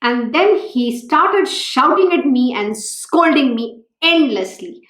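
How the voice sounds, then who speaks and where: Speaking slowly in a high voice within an echoey room, a female spiritual teacher reads from scripture and adds personal commentary. She tells her story earnestly, becoming animated as she recalls how she felt.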